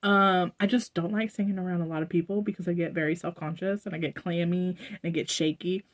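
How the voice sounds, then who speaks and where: A woman's voice: fairly low pitch, fairly even intonation, fairly quick. A young American woman, a vlogger chatting casually to her viewers, rambling with fillers and asides. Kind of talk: casual haul vlog. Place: indoors at home.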